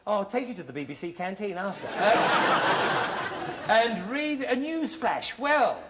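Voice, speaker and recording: A man hosting a television game show, teasing contestants with quick puns and jokes. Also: high voice, very animated. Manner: teasing, quick-witted, punning. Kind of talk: joking studio game-show patter. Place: television studio before an audience. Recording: noisy studio with loud audience.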